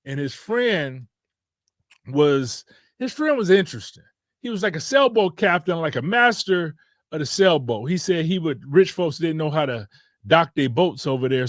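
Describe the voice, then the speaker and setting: A podcast host from Detroit tells a story in a casual, meandering way, doubling back to fix his words. His voice sits a bit high for a man. The sound is dry and close, with no room echo. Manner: laid-back, rambling, with frequent self-corrections.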